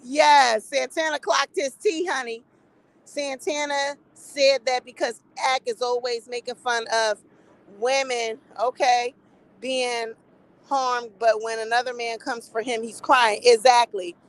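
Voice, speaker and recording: A middle-aged woman giving casual opinion commentary in a blunt, profane, animated gossip style. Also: a little high, measured pace, low-quality recording. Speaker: commentary vlogger.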